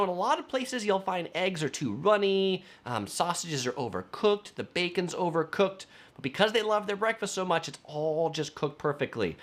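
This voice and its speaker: A man, a travel vlogger talking casually and chattily, with frequent fillers. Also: fairly high pitch. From United States. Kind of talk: casual travel vlog talk.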